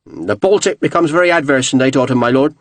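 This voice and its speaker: A man's voice: medium pitch, lively intonation, fast, no room sound, natural voice. A man voicing a tall, fair-haired naval captain with a Devonshire accent, friendly and wry.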